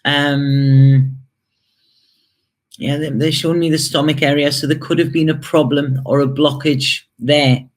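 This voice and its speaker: A man's voice: on the high side, little pitch movement, measured pace. Hesitant man giving a spirit reading. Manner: hesitant and repetitive, with many fillers and emotional asides. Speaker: tarot reader. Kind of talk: intuitive spirit reading to camera.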